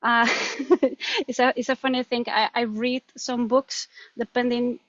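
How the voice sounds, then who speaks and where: Woman, Colombian accent, Spanish native speaker, animated interview chat, slightly high pitch, dull lo-fi sound. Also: a little slow, no room sound. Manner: animated, laughs often, restarts words. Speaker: guest. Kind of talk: conversational interview.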